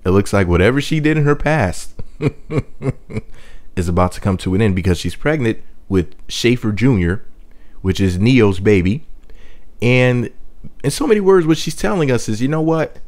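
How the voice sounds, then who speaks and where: A man's voice: mid-range voice, animated, moderate pace, pauses often, a little mellow. A man hosting a celebrity gossip channel, talking in a brash, joking, rambling way with loose asides. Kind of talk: casual gossip commentary.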